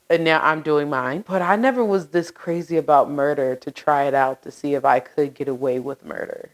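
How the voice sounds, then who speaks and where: A woman with a notably low voice hosts a true crime channel. She tells the case in a loose, chatty way, cursing and laughing at her own asides. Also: low-quality recording. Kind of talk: casual storytelling commentary.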